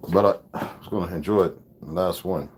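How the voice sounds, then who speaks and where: A man's voice: deep voice, steady tone, brisk, very noisy. A man live streaming from his home kitchen, casually chatting with viewers and muttering to himself as he cooks, with speech. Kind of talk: casual live-stream chat while cooking.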